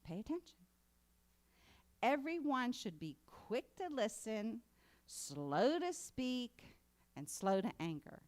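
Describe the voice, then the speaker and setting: A woman's voice: on the high side, sing-song, slow. A woman preaching a sermon in a conversational way that builds to emphatic exhortation. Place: congregation meeting hall.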